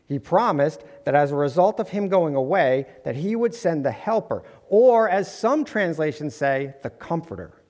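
A preacher in a church sanctuary gives an earnest sermon to his congregation, slipping in light humorous asides. His voice is fairly high with big pitch swings and a darkish tone, at normal speed. The recording carries a long hall reverb.

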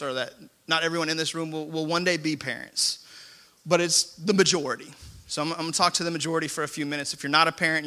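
Forceful, bright-voiced pastor. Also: male voice, fairly high pitch. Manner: conversational, self-deprecating storytelling. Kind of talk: sermon. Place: church sanctuary before a congregation.

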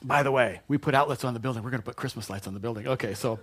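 A man's voice: mid-range voice, very fast, fairly bright tone, breathy edge. A man preaching a sermon in a conversational, joking way, often repeating and restarting his words. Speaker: pastor.

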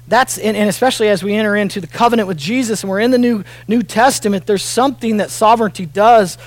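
High-voiced earnest man preaching. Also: fast, dry recording. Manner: earnest, swings from soft and near tears to loud emphatic peaks. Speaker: pastor. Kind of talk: sermon. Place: church auditorium.

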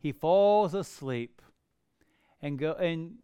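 A middle-aged man preaching a sermon, telling stories in an animated way with humorous asides. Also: a little high, slow pace, clear, resonant tone, no room sound, studio quality. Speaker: pastor.

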